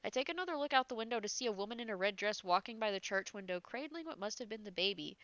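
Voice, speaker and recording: A woman's voice: medium pitch, lively intonation, quick pace, hardly any pauses, a bit bright, dry recording. A woman reads ghost stories aloud in a mid-range voice, stopping often to laugh and react in disbelief. Her nose sounds a little stuffed up. The recording is dry and slightly dull. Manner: breaks off into giggles and incredulous asides. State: slightly congested.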